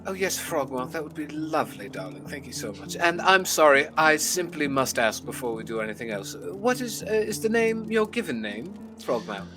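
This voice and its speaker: A man's voice: a little high, big pitch swings, moderate pace, few pauses, music in the background. A man voicing a grand, theatrical adventurer who gushes over everyone. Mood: gushing. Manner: effusive and theatrical.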